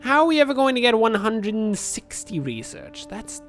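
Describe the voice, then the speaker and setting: A man's voice: sits high, sing-song, moderate pace, fairly bright tone, soft background music. A man commentating on his own gameplay for a channel he hosts, joking in a dry, sarcastic way. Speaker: gaming channel host. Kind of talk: let's play game commentary.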